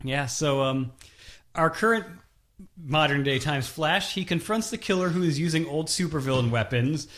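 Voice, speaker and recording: A man's voice: a little high, normal speed, fairly bright tone. A man co-hosting a podcast in casual chat, recapping with dry, wry quips. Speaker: podcast co-host.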